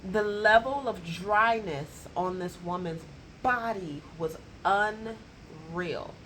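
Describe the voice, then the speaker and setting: A woman colon hydrotherapist tells a story straight to camera, slowly and deliberately. Her speech is colloquial and emphatic, and her pitch sits at a middling level for a woman. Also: fairly bright tone, slight background noise, rough recording. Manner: colloquial, emphatic, acts out dialogue in raised voices.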